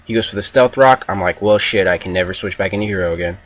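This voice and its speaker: A man's voice: sits low, fast talker, no echo. Young man cursing through gameplay commentary. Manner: profane, animated play-by-play. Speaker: gaming video commentator. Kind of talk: casual battle commentary.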